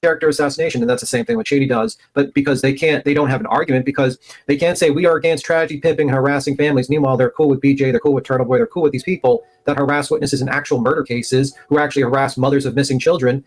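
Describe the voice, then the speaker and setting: A man's voice: mid-range voice, steady tone, racing, few pauses. A man talking on a live stream clip, rambling and repeating "I mean" and "you know what I mean.".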